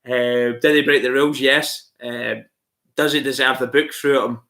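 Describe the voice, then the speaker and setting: Male stream host, casual and blunt, swears a lot, addresses viewers as "mate," bright, sharp-edged voice. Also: medium pitch, steady tone, moderate pace. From outside Australia. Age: adult, married. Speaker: channel host answering viewer comments. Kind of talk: casual live-stream chat.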